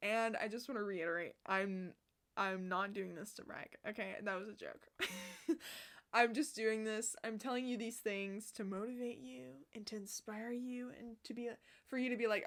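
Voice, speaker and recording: A young woman chatting casually to camera as a vlogger, bubbly and swearing a lot, with bursts of loud laughter and whispered asides. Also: fairly high pitch, fairly even intonation, moderate pace.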